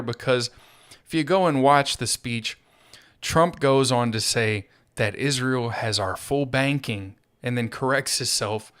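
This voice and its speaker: Guy ranting sarcastic about politics on his own show, mid-pitched, mocking tone. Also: fairly bright tone. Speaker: host. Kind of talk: political commentary monologue.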